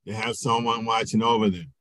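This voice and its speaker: A man, a pastor, teaching a Bible lesson in a slow, questioning way and often checking in with his listeners. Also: fairly low pitch, steady tone, a bit bright, no room sound.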